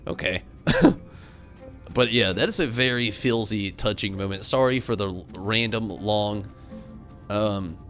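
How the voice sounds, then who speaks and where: A young man streaming a game, rambling through animated stories and chatting with viewers at a desk mic. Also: on the low side, a little slow, soft background music. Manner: rambling, animated storytelling with swings into loud outbursts; reads out and answers viewer chat. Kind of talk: casual live-stream commentary.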